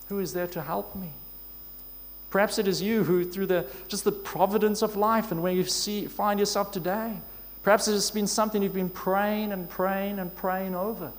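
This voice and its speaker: Earnest high-voiced preacher in a reverberant hall. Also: male voice. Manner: earnest, measured preaching with rhetorical questions. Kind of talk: sermon.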